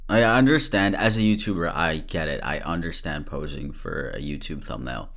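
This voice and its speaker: A man's voice: very deep voice, normal speed, vocal fry, a bit bright. A man hosting a podcast, reacting candidly to a clip with laughter and blunt swearing. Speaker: podcast host. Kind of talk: casual commentary.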